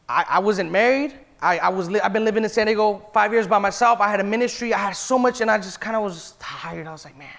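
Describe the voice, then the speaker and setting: A man's voice: high voice, animated, a little fast, vocal fry, fairly bright tone. A man in his thirties, a pastor, giving an emotional personal testimony in a church sermon. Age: 30s. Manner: emotional, confessional, quotes himself and others.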